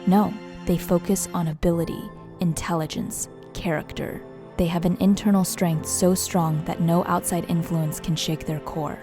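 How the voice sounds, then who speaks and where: A young woman narrating her own video in a calm, earnest, measured voice-over. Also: fairly low pitch, music in the background. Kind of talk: reflective scripted voice-over.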